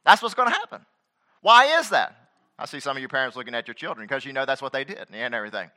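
A man preaching a sermon as pastor, animated, with emphatic rising questions and quoted voices acted out. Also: mid-range voice, quick pace. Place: church.

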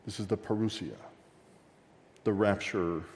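A man preaching an expository sermon in a conversational way, joking with the congregation and swinging between loud emphasis and quiet asides. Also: lowish voice, measured pace, big-room sound, slight background noise. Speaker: pastor.

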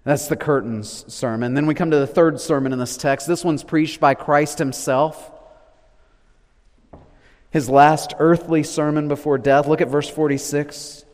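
A man preaching a sermon, swinging from loud declarations to hushed, low lines. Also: steady tone, unhurried. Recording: long reverb of a large hall.

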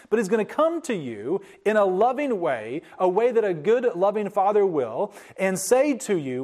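Male preacher, slightly raised pitch, earnest and explanatory, measured delivery that slows for emphasis. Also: big pitch swings, darkish tone. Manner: earnest, explanatory, slows down to stress key words. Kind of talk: sermon.

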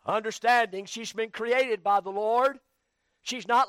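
A man's voice: high voice, steady tone, measured pace, fairly bright tone, clean tone, dry recording. A man preaching a sermon in rhythmic, repeated phrases that rise to emphatic calls.

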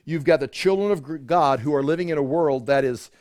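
Man, slightly high voice, casual Bible-study teacher, rambling and chuckling, dry close sound. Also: brisk, a little mellow, dry recording. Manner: conversational, with frequent restarts and chuckles. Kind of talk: informal Bible teaching to a small group.

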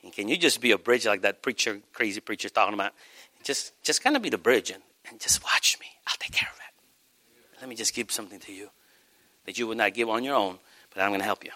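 A preacher voicing a gentle, hushed God. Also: male voice, lowish voice, fairly quick, no room sound, pitched below the performer's own voice. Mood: tender. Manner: soft, coaxing, hushed. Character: gentle, tender God speaking to a believer.

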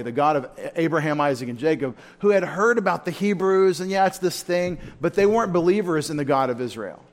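Conversational male Bible teacher, slightly high. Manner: informal, asks the room questions. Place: church.

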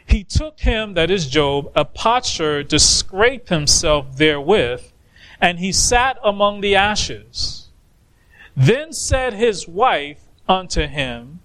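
A male preacher with a high voice delivers a sermon at an unhurried pace. He lands on his main points with emphatic, drawn-out stresses. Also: big pitch swings, a bit bright.

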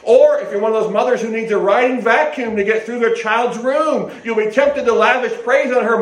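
High-voiced older man preaching. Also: a little fast, hardly any pauses. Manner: folksy, rambling, with restarts and asides. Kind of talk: sermon. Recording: echoey hall.

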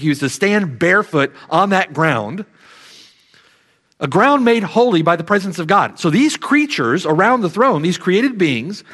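A man preaching a sermon who swings from hushed, slow reflection to loud, emphatic declarations, drawing out key words. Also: sits high.

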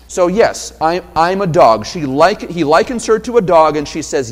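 Animated pastor preaching in a reverberant hall. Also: male voice, high-pitched, normal speed, hardly any pauses. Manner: expository preaching with rhetorical questions; dramatizes quoted speech with sudden loud swells. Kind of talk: sermon. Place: church sanctuary.

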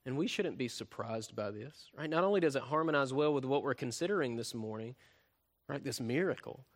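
A man preaching a sermon, often tagging points with "right?" and swinging from loud emphasis to soft, quiet delivery. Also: mid-range voice, expressive, a little fast. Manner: frequent tag questions "right?", swells louder then drops soft. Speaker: pastor.

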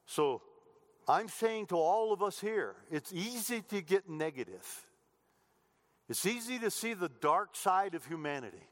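A middle-aged man preaches from the pulpit of a church sanctuary, earnest and a little repetitive, often doubling back on his words. His voice sits slightly high for a man, and it carries a long reverb from the large hall. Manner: earnest preaching with repeated phrases and restarts. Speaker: pastor. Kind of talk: sermon.

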